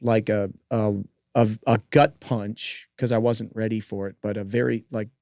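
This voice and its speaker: A man who hosts a podcast and coaches gymnastics, telling a personal story in a lively way with joking asides. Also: fairly low pitch, moderate pace, no echo, clean studio sound. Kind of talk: casual interview storytelling.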